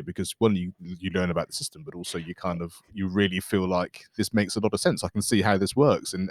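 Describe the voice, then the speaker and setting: Deep-voiced man, dry close sound. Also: no echo. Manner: thoughtful, rambling, many hesitations and restarts. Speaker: podcast host. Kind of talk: casual conversational interview.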